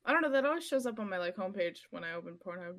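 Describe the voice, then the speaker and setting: A woman's voice: medium pitch, lively intonation, racing, a bit bright. Young woman streamer from Montreal, blunt and chatty. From Montreal, Canada. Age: young adult. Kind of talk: casual chat.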